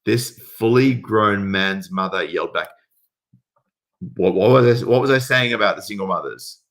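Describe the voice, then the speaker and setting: Man, bright forceful tone, somewhat low voice, casual reaction commentary, swears and rants. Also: normal speed. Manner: swearing, rants loudly in bursts. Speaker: commentary host reading stories.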